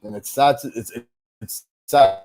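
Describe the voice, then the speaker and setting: An unhurried, mellow man's voice at medium pitch hosts a casual sports show. He vents his frustration in pregame-style chat, swearing and rambling as he keeps restarting.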